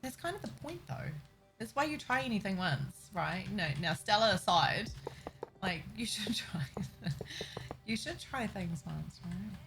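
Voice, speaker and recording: A woman's voice: mid-range voice, animated, measured pace, creaky, over music, poor audio. A young woman from New Zealand with a slightly Americanized Kiwi accent, chatting casually and giggling with her chat while livestreaming a game. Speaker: streamer. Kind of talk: casual live-stream chat while playing.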